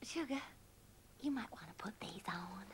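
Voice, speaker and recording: Doting Southern hostess. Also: female voice, sits high, big pitch swings, slow pace, background noise, heavily acted. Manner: sweet doting Southern coddling. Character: fussing motherly Texan hostess. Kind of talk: kids TV series acting.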